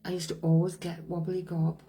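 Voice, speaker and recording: Chatty woman medium with a mellow voice. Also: on the low side, completely flat delivery, brisk, faint music behind, low-quality recording. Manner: chatty, reads viewer comments aloud and answers them, laughs often. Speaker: psychic medium hosting a live stream. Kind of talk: casual chat on a live stream.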